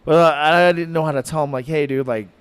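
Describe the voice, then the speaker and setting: A man spins a long story for a podcast, his voice sitting a little high for a man. He rambles and fills gaps with likes and ums, acting out the other people in the story as he goes. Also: quick pace, clear, resonant tone. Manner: animated, rambling, lots of likes and fillers. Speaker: podcast guest telling a story. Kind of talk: casual storytelling.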